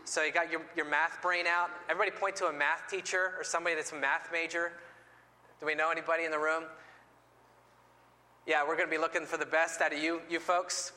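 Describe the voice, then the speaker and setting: A man's voice: on the high side, flat delivery, fairly quick, pushed and bright. A man presenting to an audience with playful, joking asides. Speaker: missionary presenter. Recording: long hall reverb.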